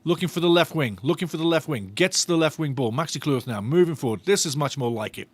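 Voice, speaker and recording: A man commentating live as a fan on a watch-along stream, his voice pitched a touch above the usual. He is animated, repeats his phrases and breaks into laughter, recorded close and dry with no room around him. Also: fast, husky, no room sound. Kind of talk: excited live match commentary.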